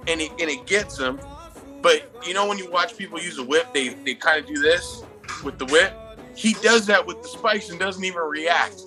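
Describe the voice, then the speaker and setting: Excitable, profane man, bright voice. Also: a little high, normal speed, soft background music. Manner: profane, excitable, laughs often while telling. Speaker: movie review podcast co-host. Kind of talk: casual chat.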